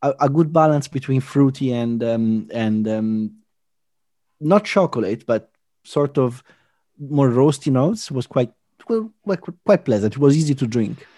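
A man's voice: mid-range voice, expressive, a little slow, mellow, no echo. A man co-hosts a casual chat in an easygoing way. He searches for words as he goes and drops in dry jokes. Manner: hesitant, easygoing, dry humor. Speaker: podcast co-host.

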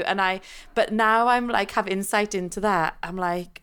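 A woman's voice: medium pitch, normal speed, a bit bright, clean tone. A woman co-hosting a podcast in casual chat, self-deprecating and swearing freely. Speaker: podcast co-host.

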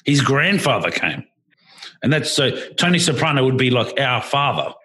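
A man's voice: medium pitch, normal speed, slightly rough. A man chatting casually, rambling with lots of restarts. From Australia. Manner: animated, rambling, many restarts. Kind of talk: casual podcast chat.

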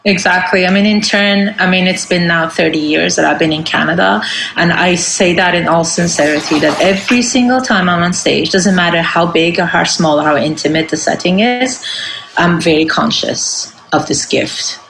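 A woman's voice: on the low side, normal speed, gravelly, roomy sound, background noise. A woman in her forties from Iran, a singer speaking earnestly in a casual interview with many fillers and restarts. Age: 40s. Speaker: guest singer. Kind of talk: casual conversation.

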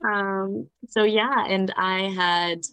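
A young adult woman in a casual interview, telling a personal story in a chatty, animated way, often acting out what others said and laughing. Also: medium pitch, very slow, clear, resonant tone. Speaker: guest.

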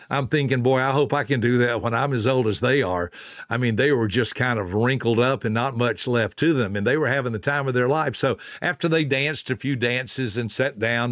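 A middle-aged man, giving a folksy motivational talk. He tells stories, repeats words for emphasis and drops into soft, low tones. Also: no room sound, clean studio sound. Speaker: speaker on a self-help talk.

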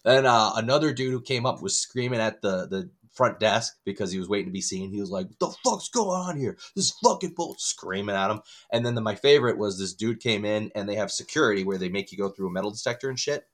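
A man co-hosting a podcast, telling stories in casual chat with an animated, swearing manner. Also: lowish voice, quick pace, hardly any pauses. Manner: animated storytelling, loud when acting out others. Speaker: podcast co-host.

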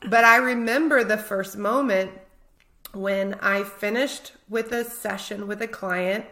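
A woman therapist co-hosting a podcast, telling her own stories in a casual, animated way with many "like"s. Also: mid-range voice, a little slow. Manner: animated storyteller, frequent "like". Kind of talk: casual conversational chat.

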